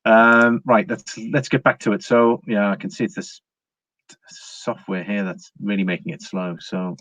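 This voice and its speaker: A man's voice: on the low side, steady tone, unhurried, fairly bright tone, dry recording. An English man hosting a casual livestream about precious metals, chatty and full of fillers, greeting viewers by name as he reads the chat. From England. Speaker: livestream host. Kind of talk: casual live-chat market commentary. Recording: dry, slightly dull home recording.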